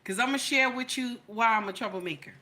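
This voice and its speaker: Middle-aged woman, bright and high-ish, easy livestream-host banter full of "okay?" and "baby.". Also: brisk. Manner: chatty, greets viewers by name, repeats "okay?" and "baby". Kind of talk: casual live chat.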